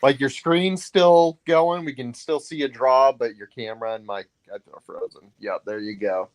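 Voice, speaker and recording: A young man chatting casually on a livestream, hesitant and low-key with many fillers. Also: moderate pace, dry recording, poor audio. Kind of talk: casual chat on a livestream call.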